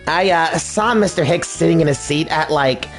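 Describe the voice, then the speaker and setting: A man's voice: fairly high pitch, moderate pace, soft background music, close to an everyday voice. A man voicing a lazy, half-asleep young female flight attendant who drawls and fills her speech with "like" and "uh".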